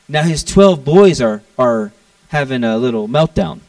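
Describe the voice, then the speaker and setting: A young man from Florida preaches with lots of energy, with a gravelly, fry-tinged voice. He jumps to a higher pitch when he acts out people's words. He is heard from a little way off the mic, in a dry sound. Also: moderate pace, no echo, recorded from a distance, poor audio. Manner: animated, acts out quotes in a raised voice. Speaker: pastor. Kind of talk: sermon.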